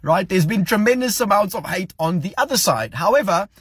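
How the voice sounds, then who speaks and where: Guy explaining stuff, real high voice, kinda husky. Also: expressive, fairly quick, a bit bright, no echo. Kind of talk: commentary video.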